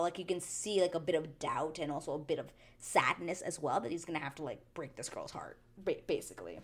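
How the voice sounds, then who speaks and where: Casting note: female recap host, lower-pitched voice, big swings in tone, chatty and animated. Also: brisk, few pauses. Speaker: TV recap vlogger. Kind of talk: casual reality show recap.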